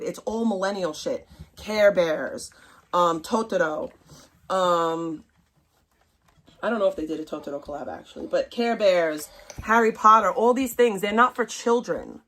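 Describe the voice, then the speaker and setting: A woman's voice: lowish voice, moderate pace, fairly bright tone. A woman, ranting bluntly and profanely to her stream chat. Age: 30s. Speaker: livestream host. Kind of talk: casual rant to stream chat.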